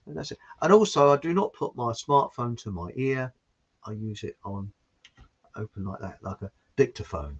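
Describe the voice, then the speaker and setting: A man's voice: mid-range voice, animated, moderate pace, breathy edge. A man from southern England in rambling casual chat, telling long jokes and laughing at them. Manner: chatty, tells long jokes, laughs at own jokes. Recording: dull lo-fi sound.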